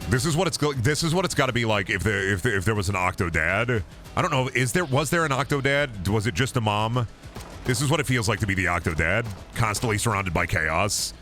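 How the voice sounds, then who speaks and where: A man's voice: on the low side, lively intonation, fairly quick, bright, forceful tone, faint music behind. A man streaming a game, rambling and joking crudely with lots of swearing. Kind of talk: casual gaming stream chatter.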